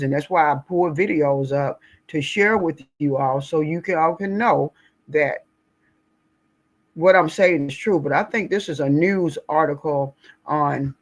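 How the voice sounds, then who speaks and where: Blunt woman. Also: deep voice. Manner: blunt, indignant, folksy. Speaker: political commentary vlogger. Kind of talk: casual political commentary. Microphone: screen-share recording.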